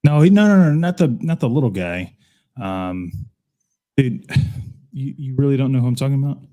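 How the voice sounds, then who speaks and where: A man's voice: medium pitch, animated, moderate pace, mellow. A man on a casual podcast, rambling and swearing while retelling film scenes. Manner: rambling, quotes movies, swears a lot.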